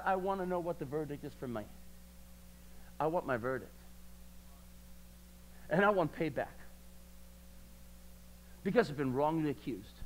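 At a church service, a man with a high-pitched voice preaches a sermon, passionately repeating lines and swinging between quiet talk and loud declarations. The recording is rough.

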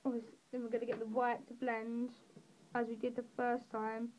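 A woman's voice: on the high side, completely flat delivery, fairly quick, a little mellow, slight background noise, low-quality recording. A teenage girl with a southeast English accent, rambling through a colouring tutorial with self-deprecating, giggly asides. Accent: English, southeast England. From England. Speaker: drawing tutorial creator. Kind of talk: casual voice-over while colouring.

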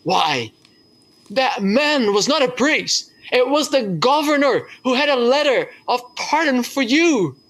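A man voicing an astonished prison warden who speaks loudly in disbelief. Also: extremely high pitch, expressive, unhurried, pitched above the performer's own voice, heavily acted. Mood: incredulous.

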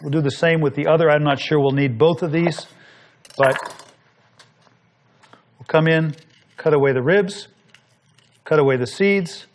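A man with a slightly high voice talks through a cooking demonstration as he chops and cooks. He explains each step in a relaxed, instructive manner, as if teaching the viewer. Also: a little slow, pauses often. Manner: explanatory, talks while working. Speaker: cooking show host.

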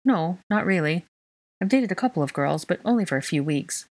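A woman's voice: fairly low pitch, expressive, brisk, darkish tone, no room sound. A woman voicing a composed, lightly teasing young man in a fan fiction reading. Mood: calm.

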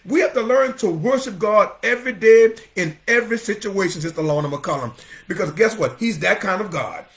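A male pastor preaches a fervent sermon in a high, lively voice that swoops up and down from line to line, talking fairly quickly. He repeatedly calls out congregation members by name.

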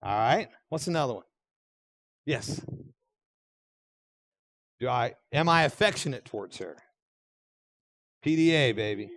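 A middle-aged man preaching a sermon in a church, animated and joking with the congregation. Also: medium pitch, measured pace, long pauses, no echo. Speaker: pastor. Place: church sanctuary.

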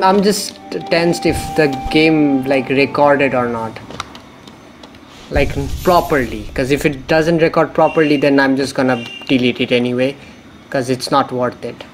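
A man's voice: mid-range voice, low-quality recording. A young man giving casual, profane, rambling commentary while playing a video game. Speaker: let's play gamer.

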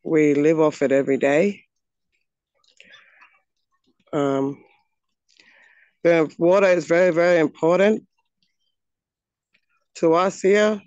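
Earnest, halting Australian woman, slow and smooth. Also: deep voice, fairly even intonation, a little mellow, no echo, muffled recording. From Northern Territory, Australia. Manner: earnest, halting, with frequent pauses. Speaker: speaker at a launch event. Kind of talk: heartfelt personal address. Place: outdoors on her home land.

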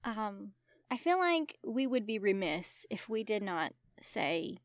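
A woman co-hosting a casual book-discussion podcast, lively and giggly, with soft asides. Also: mid-range voice, slow, dry recording, clean studio sound. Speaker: podcast co-host.

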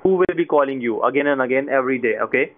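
A man's voice: medium pitch, racing. A man, a phone scammer posing as tech support, who insists and repeats his questions over and over. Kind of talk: pushy scam phone call. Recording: tinny phone line with faint music.

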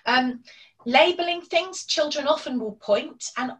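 A woman's voice: high-pitched, lively intonation, measured pace, fairly bright tone. A woman presenting a parenting webinar online, explaining strategies and acting out examples. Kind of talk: online training talk. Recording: distant from the microphone.

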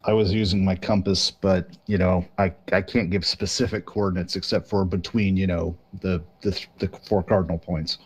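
A man's voice: low-pitched, flat delivery, moderate pace, hardly any pauses, breathy edge. A man chatting easily with his gaming group in a voice chat, dropping light jokes. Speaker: game player. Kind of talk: casual chat.

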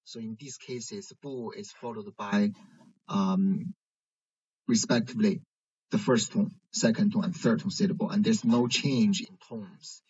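A man teaching a language lesson, explaining slowly and checking in with "right?". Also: fairly low pitch, fairly even intonation, darkish tone, breathy edge. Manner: slow, careful explaining with frequent "right?" checks. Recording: dull lo-fi recording.

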